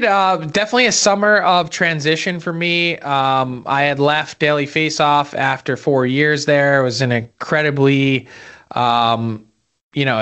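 A man answers interview questions in a friendly, polished way. His voice is smooth and clear and sits slightly high. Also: bright, forceful tone. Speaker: hockey insider guest.

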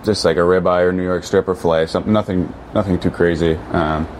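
Deep-voiced, low-key young man. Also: steady tone, fast, a little mellow, slight background noise. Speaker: podcast guest. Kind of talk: casual chat.

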